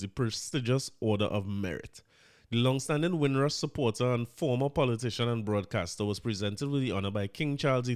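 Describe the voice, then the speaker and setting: Trinidadian man hosting a podcast. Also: mid-range voice. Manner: chatty, laughing, opinionated asides. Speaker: podcast host. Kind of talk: casual commentary.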